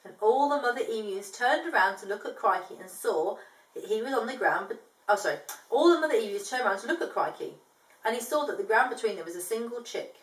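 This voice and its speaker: A woman reads a children's picture book aloud with an animated lilt, her voice pitched fairly high. She pauses for friendly, chatty explanations between pages. The sound is roomy and echoey, as if she sits some way from the microphone. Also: recorded from a distance. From from outside Australia, now living there. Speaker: storyteller reading a picture book.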